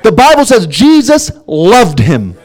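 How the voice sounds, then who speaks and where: High-voiced, animated male preacher. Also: a little slow. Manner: emphatic preaching, swinging from hushed asides to loud exclamations. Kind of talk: sermon.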